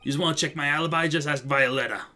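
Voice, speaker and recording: Man playing a brash thug, loud, gruff, threatening, slow heavy delivery, bright tone. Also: mid-range voice, fairly even intonation, close to an everyday voice. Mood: blustering. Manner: loud, gruff, threatening, ungrammatical street talk. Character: brash hot-tempered male loan-shark thug. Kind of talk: reading game dialogue aloud.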